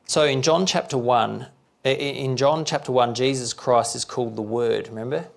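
A man's voice: mid-range voice, fairly even intonation, normal speed, gravelly. A man preaching a sermon, talking conversationally and checking in with rhetorical questions.

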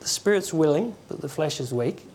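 Man, conversational preacher, halting delivery, acts out stories. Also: a little high, expressive, darkish tone, a little hiss or hum. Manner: conversational, halting, with chuckles and acted quotes. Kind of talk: informal sermon.

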